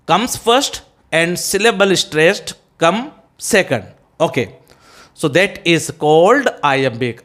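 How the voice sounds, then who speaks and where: A male English teacher with an Indian accent lecturing on a poem, often checking with "okay?" and spelling terms out letter by letter, with halting restarts. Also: high voice, a bit bright. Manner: hesitant restarts with many "uh"s.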